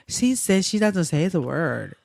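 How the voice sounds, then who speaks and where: A woman co-hosting a podcast in casual chat, speaking English as a second language, giggling often and telling stories with lively energy. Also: lowish voice, slow, gravelly, no room sound, clean studio sound. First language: not English. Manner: giggly, animated storytelling. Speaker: podcast co-host.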